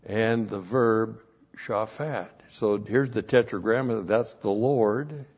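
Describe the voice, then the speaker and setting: A man's voice: fairly low pitch, takes it slowly, darkish tone, breathy edge. A man preaching a sermon with Bible teaching, repeating phrases for emphasis and spelling out words letter by letter. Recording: dull lo-fi recording.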